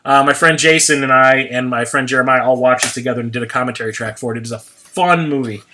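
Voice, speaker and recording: A man's voice: mid-range voice, fast, pushed and bright, slight background noise. A man in his forties chatting casually on a livestream, rambling, swearing freely and laughing at himself. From United States. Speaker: livestream host.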